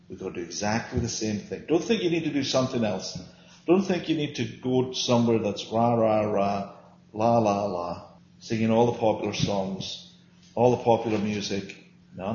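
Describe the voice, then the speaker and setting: A man's voice: lowish voice, a little mellow, slight background noise. An earnest man leads a small-group Bible teaching, pressing his points and answering his own questions. The recording is roomy and a bit dull, with faint ambience behind him.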